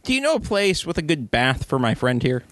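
A man plays a tabletop game, speaking wryly and cracking jokes with the group. His voice is fairly high for a man and very lively. The sound is close and dry. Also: a little fast, no room sound. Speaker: player. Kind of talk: tabletop role-play.

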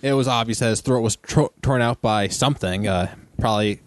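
A man narrating as game master of a tabletop game, talking haltingly with many pauses and restarts. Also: mid-range voice, a little hiss or hum.

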